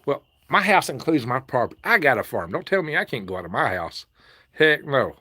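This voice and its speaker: A man hosts a casual live broadcast, reading viewer comments and chatting back to them. He laughs often and talks in a loose, rambling way. His voice sits in an ordinary middle pitch. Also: big pitch swings, fairly quick, sharp tone. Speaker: livestream host reading chat.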